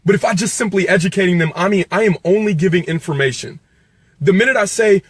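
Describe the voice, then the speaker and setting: A man with a husky voice set a little high delivers a fired-up motivational talk on sales. He drives points home by repeating them and rises to loud preaching. Between those peaks he sinks into low, quiet asides. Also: quick pace, no echo. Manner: preachy and emphatic, with repeated lines. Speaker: sales coach.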